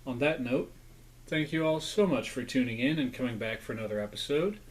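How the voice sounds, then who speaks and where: A man's voice: mid-range voice, brisk, low-quality recording. A man rambling casually through a snack review, sometimes talking with his mouth full. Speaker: food review vlogger. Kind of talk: casual food review vlog.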